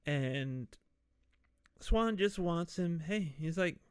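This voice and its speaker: A man speaking slowly and at an easy pace, walking through a film's plot in a relaxed, conversational way. His voice is smooth and clear, and the recording is dry, with no room sound. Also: mid-range voice, no echo. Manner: slow, loose retelling with quick put-on voices for characters. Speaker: podcast host. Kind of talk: casual movie recap.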